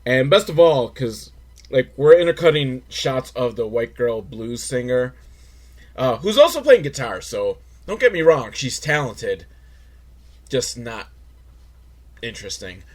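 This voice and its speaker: A man's voice: mid-range voice, sing-song, a little slow, darkish tone. A man hosting a comedic recap of a TV episode, talking in a wry, rambling way with lots of filler words. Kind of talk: casual comedic commentary.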